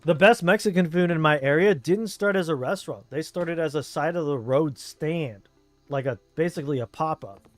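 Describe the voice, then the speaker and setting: A man with a Southern Californian accent, from Southern California, chats loosely and rambles in a laid-back way while streaming a game. He speaks at a normal speed in a fairly high voice, with soft music in the background.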